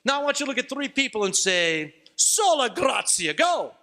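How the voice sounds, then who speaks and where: Middle aged guy preaching to kids, high voice swinging all over, goofy and joking. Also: big pitch swings, moderate pace, pushed and bright. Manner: playful, jokey, leads call-and-response. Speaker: retreat speaker. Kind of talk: lively youth sermon.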